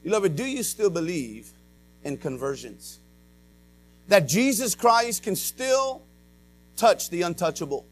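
A male pastor preaching a dramatic personal testimony, swinging between loud and hushed, with many "uh" and "amen" fillers. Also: high voice, sing-song, slow, pauses often. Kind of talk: sermon.

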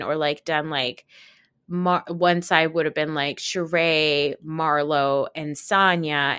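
A woman's voice: low voice, a bit bright, no echo, clean studio sound. Chatty woman recapping reality TV. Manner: chatty, lots of fillers, quick asides. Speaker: podcast host.

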